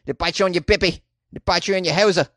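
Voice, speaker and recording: A man's voice: sits high, fairly even intonation, quick pace, fairly bright tone, dry recording. A goofy male snake catcher, as a man puts him on. He teases and jokes in a raised, bouncy voice. The sound is dry and close. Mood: mocking. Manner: goofy, teasing. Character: joking mock Australian male snake catcher.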